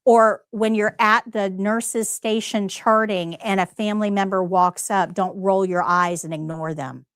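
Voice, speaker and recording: A woman's voice: mid-range voice, fairly even intonation, unhurried, hardly any pauses, clear, resonant tone, no echo, clean studio sound. A woman instructor leading a live nursing-assistant test prep class, emphatic and direct, often asking the students questions. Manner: emphatic, talks straight to students with rhetorical questions.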